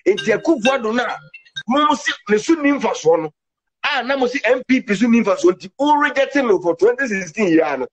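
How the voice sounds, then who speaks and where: Male commentator, high husky voice, emphatic and heated political talk. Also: expressive, a little fast, faint music behind, poor audio. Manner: emphatic, mixes English words into his talk.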